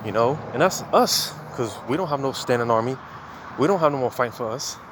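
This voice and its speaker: A man's voice: medium pitch, expressive, brisk, background noise. A man giving a casual, conversational sermon, reading scripture and talking it over with many "man" and "you know" asides. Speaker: religious teacher.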